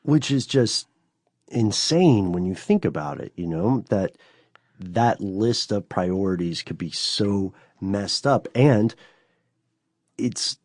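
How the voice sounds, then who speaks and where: A man's voice: lowish voice, lively intonation, takes it slowly, a little mellow, no echo, clean studio sound. A man co-hosting a podcast in casual chat, talking loosely and checking in with "you know" and "right?". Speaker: podcast co-host.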